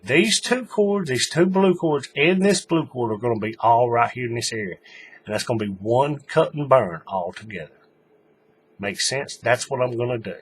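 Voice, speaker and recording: A man's voice: mid-range voice, slight background noise. A man giving a casual, folksy hands-on craft tutorial, talking while he works. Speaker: paracord tutorial maker.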